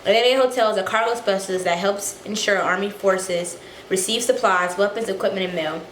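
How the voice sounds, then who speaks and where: A woman's voice: medium pitch, a little fast. Young woman vlogger, casual and slangy, phone audio with room echo. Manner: chatty, slangy, talking to viewers. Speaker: soldier vlogger. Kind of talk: casual vlog. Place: phone recording in a room and a car. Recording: roomy phone audio with faint noise.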